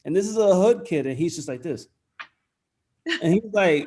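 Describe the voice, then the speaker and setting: A man from New York with a New York accent, telling stories in an animated casual chat. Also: high voice, normal speed. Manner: animated storytelling.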